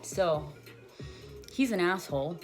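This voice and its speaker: A woman's voice: lowish voice, lively intonation, slow pace. A young woman in her twenties telling a long, rambling personal story in a casual vlog, full of "like" fillers. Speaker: vlogger. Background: music.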